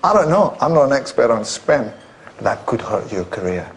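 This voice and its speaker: An actor playing a foul-mouthed, combative political spin doctor in a film, firing off sarcastic put-downs. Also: male voice, medium pitch, big pitch swings, moderate pace, gravelly, a little hiss or hum. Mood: sneering. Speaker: film character in a clip.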